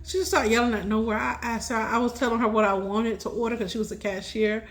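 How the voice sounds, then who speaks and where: Young adult woman, high voice, casual storyteller, chatty, laughs often. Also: steady tone, fast. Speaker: tarot reader telling a personal story.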